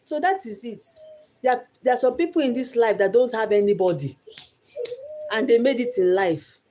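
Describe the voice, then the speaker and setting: A woman's voice: a little high, animated, normal speed, mellow. A young Nigerian woman giving an earnest motivational talk about her life, repeating phrases for emphasis. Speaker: vlogger.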